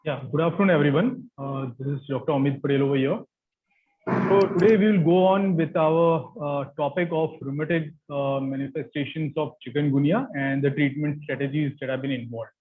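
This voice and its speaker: A man's voice: a little high, brisk. Indian-accented man lecturing over a tinny line. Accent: Indian English. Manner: explanatory, with frequent fillers. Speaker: guest lecturer. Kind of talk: academic lecture.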